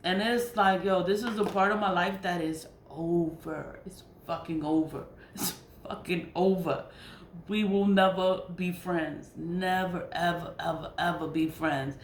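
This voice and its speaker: A woman's voice: fairly low pitch, fairly even intonation, a little slow. Blunt, profane woman in an echoey room. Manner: blunt, profane, repeats herself for emphasis. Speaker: spiritual vlogger. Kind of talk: casual monologue. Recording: echoey room with faint noise.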